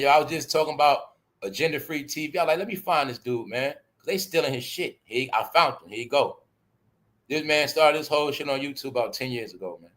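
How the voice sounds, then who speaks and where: A man's voice: mid-range voice, fairly bright tone. A middle-aged man hosting a casual commentary show, talking emphatically and preachily to his viewers and calling them "y'all". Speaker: YouTube commentary host.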